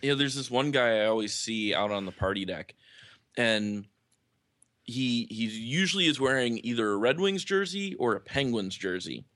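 A man on a casual sports podcast who winds through long anecdotes, stacking "you know" between his thoughts. His pitch sits right in the middle, and the sound is dry and close, with no room echo. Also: lively intonation, normal speed, a bit bright. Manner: rambling storyteller, many "you know" fillers. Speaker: podcast co-host or guest.

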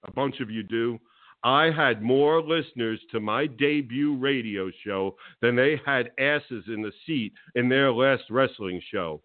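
A man's voice: mid-range voice, a little slow. A male talk radio host ranting combatively at a rival, then welcoming his co-host. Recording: phone-line audio.

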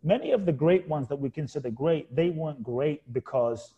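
A man's voice: fairly high pitch, lively intonation, normal speed, narrow, tinny audio. A middle-aged man, a guest author in an interview, telling a reflective personal story in an earnest, heartfelt way and repeating key words for emphasis.

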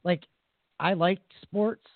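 A man's voice: high-pitched, fairly even intonation, slow pace, dry recording. A man co-hosting a talk radio show, rambling and swearing freely in casual banter. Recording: tinny phone-like sound, dry.

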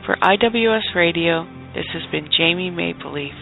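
A man's voice: a little high, normal speed, creaky, voice pushed up. A man voicing a brash, flirty Canadian woman bureau chief who says "eh" and "hosers" in a mock news report. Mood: cheeky. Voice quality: exaggerated Canadian "eh" and "hosers" talk. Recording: tinny phone-like sound with faint music.

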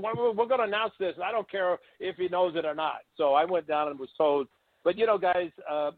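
An older man with a slightly high voice spins animated stories as an interview guest, slipping into the voices of the people he quotes. The sound is thin and tinny, like a phone line, and dry, with no room around it. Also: dry recording. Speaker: guest, former baseball catcher. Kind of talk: storytelling interview.

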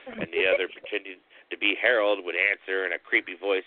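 A man with a low voice narrates a spooky tale, pausing slowly and dramatically between phrases. The sound is thin and narrow, like a phone line. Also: flat delivery, no room sound. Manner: slow, dramatic pauses. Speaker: storyteller host.

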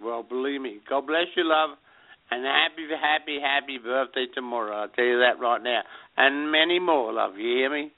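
A man's voice: medium pitch, moderate pace, no room sound. Man giving blessings over a tinny phone. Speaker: caller's husband. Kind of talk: casual phone chat.

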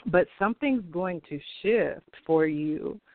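A man giving a weekly astrology forecast, talking in an expressive, passionate way and laughing often. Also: high voice, slow, dry recording. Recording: tinny phone-like dry sound.

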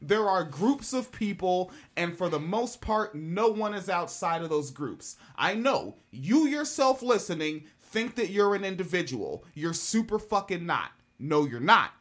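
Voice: medium pitch, very animated, unhurried, hardly any pauses, fairly bright tone. A host giving blunt, ranting reaction commentary, heavy on profanity and laughing asides.

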